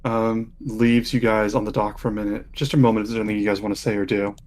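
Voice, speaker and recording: A man's voice: lowish voice, fast. Man running a tabletop game. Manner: rambling, filler-heavy, relaxed. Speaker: game master.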